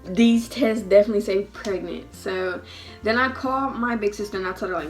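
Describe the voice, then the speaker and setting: In a casual storytime vlog, a woman in her twenties talks at a brisk clip in a mid-range voice, with faint music in the background. She's animated, acting out what other people said and laughing often as she tells a personal story.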